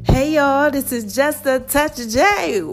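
High-voiced woman preaching to her viewers. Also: measured pace, over music. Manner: affectionate, calls listeners "baby" and "y'all"; preachy, repeats phrases for emphasis. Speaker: host of her own online show. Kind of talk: casual motivational talk to viewers.

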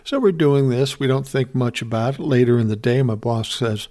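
A middle-aged man talks through a story from his working life in a plain, blunt way. His tone is wry and conversational, and his pitch sits in an ordinary middle range. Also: expressive, brisk, hardly any pauses, mellow. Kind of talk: casual storytelling monologue.

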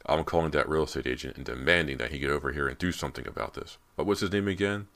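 A man voicing an irritable middle-aged father in a storybook reading, gruff and fuming. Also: rumbling low, racing, fairly bright tone.

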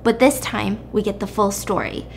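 A woman host casually recapping a drama plot with animated storytelling and quick asides to her co-host. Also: medium pitch, gravelly, slight background noise. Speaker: podcast host.

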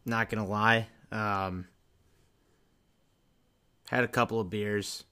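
A man's voice: fairly low pitch, fairly even intonation, slow, bright, forceful tone, clear, resonant tone. A slightly drunk man co-hosting a sports podcast, blunt and swearing. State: a little drunk. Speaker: podcast co-host. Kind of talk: casual sports podcast chat.

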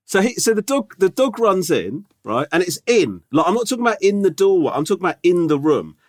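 A man's voice: high voice, very animated, fairly quick, no room sound, studio quality. A man in his forties telling a story in casual podcast chat, exasperated and swearing freely. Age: 40s. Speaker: podcast co-host.

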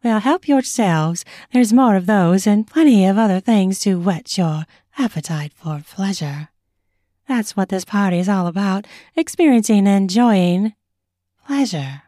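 A pleasant, welcoming woman offers hospitality in a warm, mellow voice in an audiobook reading, as a woman plays her. The sound is dry and close. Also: medium pitch, expressive, measured pace, dry recording, close to an everyday voice. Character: friendly, welcoming woman at a party.

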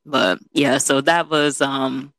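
Young adult woman, lively casual storyteller, dry untreated sound. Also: very deep voice, slow pace, no echo. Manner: animated, chatty, peppered with "you know".

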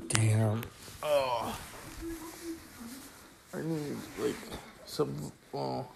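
A man's voice: mid-range voice, very slow, gravelly, long pauses, noisy background. A tired man hosting his own show, chatting in a rambling, casual way with crude asides and plenty of swearing.

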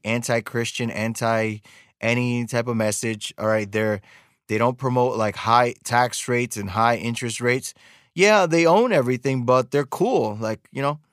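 A man of ordinary middle pitch hosts his podcast alone, talking in an emphatic, ranting flow. He leans on rhetorical questions and stacks items in long repeated lists. The sound is dry, with no room echo. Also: a bit bright. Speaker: podcast host. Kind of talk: podcast monologue.

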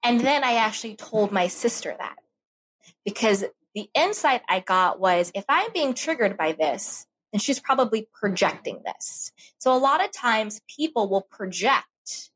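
A woman's voice: medium pitch, a little slow, slightly rough. A woman in casual podcast conversation, telling personal stories and acting out her inner voice. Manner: animated storytelling with acted-out inner voices.

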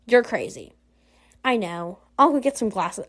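A young woman gamer chatting through a story game, animated and chatty. Her voice sits high and leaps all over the place, dropping to mumbled asides between loud outbursts. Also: normal speed. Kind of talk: let's-play commentary of a story game.

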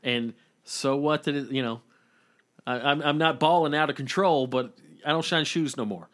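A man's voice: a little high, moderate pace, a bit bright. A male comedian co-hosting a podcast, telling rambling anecdotes in casual chat, with frequent profanity.

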